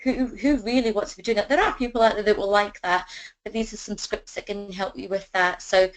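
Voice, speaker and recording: Woman, chatty trainer, lots of "you know", mid-pitched voice. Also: steady tone, a little fast, poor audio. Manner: chatty, fills with "you know", acts out sample dialogue. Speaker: business trainer. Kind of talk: coaching sales conversation scripts.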